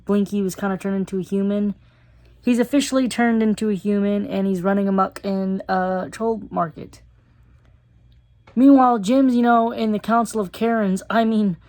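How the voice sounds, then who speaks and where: A woman's voice: mid-range voice, darkish tone. A woman giving a casual, chatty episode review. She uses lots of fillers and laughs now and then.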